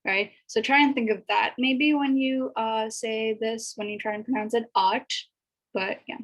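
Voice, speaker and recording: A woman giving a casual spoken language lesson, chatty and repeating each sound slowly for learners to copy. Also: fairly high pitch, fairly even intonation, rough recording. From America. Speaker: language teacher.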